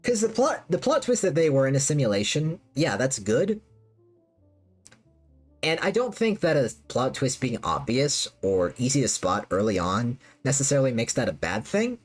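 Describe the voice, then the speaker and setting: A woman's voice: very deep voice, big pitch swings, normal speed, slightly rough. A woman streamer chatting casually with her live chat, rambling and repeating herself with lots of fillers. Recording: faint music behind.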